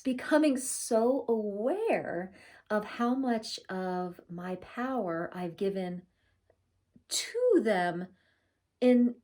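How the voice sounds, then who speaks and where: Woman in her 40s doing a chill spiritual vlog, slow, lots of likes and little laughs, mid pitch. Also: darkish tone. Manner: chatty and unhurried, laughs often, many fillers. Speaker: spiritual vlogger. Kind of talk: casual spiritual talk to camera.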